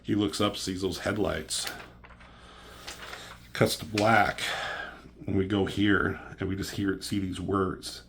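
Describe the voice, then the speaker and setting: Man, comic reviewer, casual recap, excitable, swears a lot, somewhat low voice. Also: slow pace, creaky, long pauses, slight background noise. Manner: profane, excitable, filler-heavy retelling.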